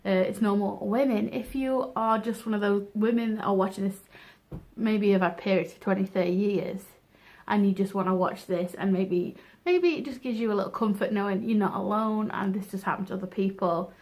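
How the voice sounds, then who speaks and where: A woman's voice: medium pitch, a little fast, a little mellow. A young woman giving frank, chatty advice in a casual vlog, laughing at herself now and then. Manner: chatty, frank, self-deprecating. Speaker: vlogger.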